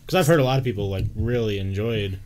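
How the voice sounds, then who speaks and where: Relaxed man asking casual questions. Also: lowish voice, fast, slight background noise. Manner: relaxed, short reactions and curious questions. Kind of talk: casual chat.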